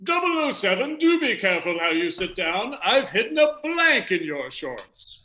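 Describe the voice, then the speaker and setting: A man's voice: high voice, sing-song, moderate pace, sharp tone, roomy sound, full character voice. A man voicing a prim male British gadget chief in a hammy, put-on British accent. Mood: prim warning. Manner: hammy, exaggerated upper-crust delivery.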